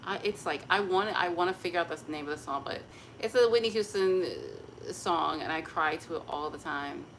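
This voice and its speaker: A woman chatting casually to camera at home, expressive and open about her feelings. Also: on the low side, moderate pace, slight background noise. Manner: chatty and emotionally expressive, breaks into gospel singing. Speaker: vlogger.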